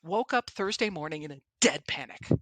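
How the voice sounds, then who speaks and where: Podcast host, woman; animated storyteller, bright tone, dry close sound. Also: sits low, brisk, no room sound. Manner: animated storyteller who acts out quotes. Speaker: podcast host and presentation coach. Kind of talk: casual podcast chat.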